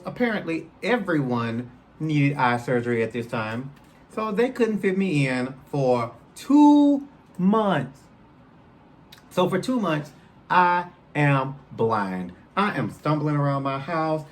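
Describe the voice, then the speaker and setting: Animated man telling a story. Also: on the high side, slow. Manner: animated, addresses listeners directly, acts out quotes. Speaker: podcast host. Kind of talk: personal storytelling.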